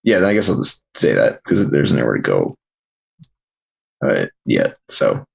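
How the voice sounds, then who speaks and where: Deep, gravelly, husky man. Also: sing-song, measured pace. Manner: laid-back, hesitant. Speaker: player. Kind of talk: casual tabletop role-play.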